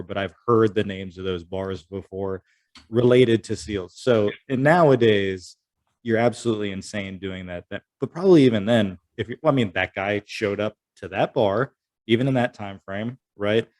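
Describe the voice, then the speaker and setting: Brief: low male voice, dry close mic, emphatic podcast co-host. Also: normal speed, darkish tone, no room sound. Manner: emphatic, repeats words when making a point. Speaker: podcast co-host, former Army Ranger. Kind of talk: casual conversation.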